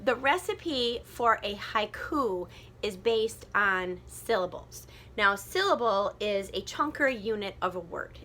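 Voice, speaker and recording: A teacher talks her students through a lesson in a bright, clear voice. She explains patiently, step by step, with plenty of ums along the way. The sound comes from a phone set up in a classroom. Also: medium pitch, a little hiss or hum. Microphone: phone filming chart paper.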